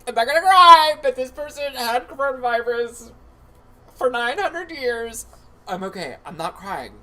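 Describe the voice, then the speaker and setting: A man's voice: very high voice, lively intonation, measured pace, sharp tone, pitched above the performer's own voice, full character voice. A man impersonating an over-emotional male news anchor who keeps fighting back tears. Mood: weepy. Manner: tearful, breathless, melodramatic.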